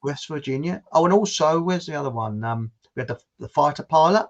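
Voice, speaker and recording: A man's voice: on the high side, lively intonation, fairly quick. A British man hosting a casual chat, rambling and chatty, laughing at his own jokes. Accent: British English. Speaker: host. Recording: muffled lo-fi audio.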